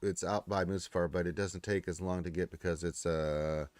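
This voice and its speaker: A man's voice: low-pitched, flat delivery, moderate pace, darkish tone, dry recording. A man hosting a casual gaming livestream, chatting loosely and reading viewer comments with a joking manner. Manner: laid-back, rambling, joking. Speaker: livestream host.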